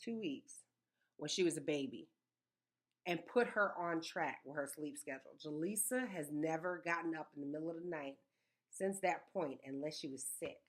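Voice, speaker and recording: A woman in a casual, story-filled chat. Her voice sits a little low, and she is animated and emphatic, stacking repeated words to drive her point home. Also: moderate pace. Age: 30s.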